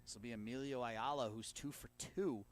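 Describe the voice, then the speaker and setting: A man doing live play-by-play of a high school baseball game from an outdoor field, steady and rising sharply on big plays. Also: a little fast. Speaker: play-by-play announcer.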